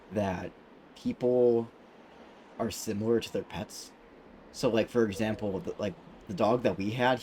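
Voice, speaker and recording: A man's voice: on the low side, darkish tone, a little hiss or hum. A man streaming a video game, telling a rambling story with fillers and restarts. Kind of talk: casual let's-play chat.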